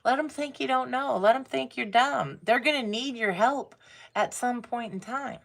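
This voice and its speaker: A woman's voice: on the high side, moderate pace, creaky. A woman giving a casual tarot reading, blunt and swearing freely, laughing as she talks. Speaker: tarot reader.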